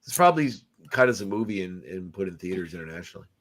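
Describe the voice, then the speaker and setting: Podcast host, man, low voice, easygoing rambling plot recap, lots of ums. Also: very animated, fast, a bit bright. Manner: rambling recap with many fillers and restarts. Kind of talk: casual movie review chat.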